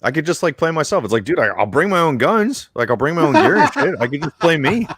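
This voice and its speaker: A man's voice: on the high side, sing-song, quick pace, fairly bright tone, breathy edge, dry recording. A man from Virginia hosting a casual chat with friends, laid-back and swearing freely. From USA (Virginia). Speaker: show host.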